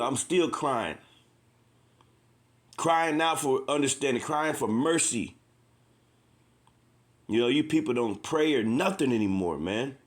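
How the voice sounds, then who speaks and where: A man preaching informally and with passion, repeating himself, reading scripture aloud between his own words. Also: medium pitch. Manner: impassioned, repetitive, says "man" often. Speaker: street preacher.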